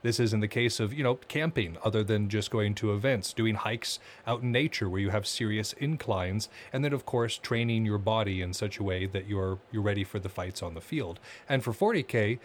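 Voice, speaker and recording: Male podcast co-host, lower register, laid-back and chatty, with a faint hum of background noise. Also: fairly quick, few pauses. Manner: relaxed, loose, frequent "like" fillers. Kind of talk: casual podcast chat.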